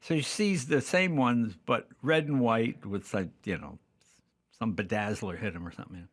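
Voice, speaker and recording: An older man talking as a podcast guest, telling stories casually and acting out the people in them with lively voices. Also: on the low side, normal speed, no room sound, clean studio sound. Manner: acts out the dialogue in lively voices. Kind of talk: casual storytelling.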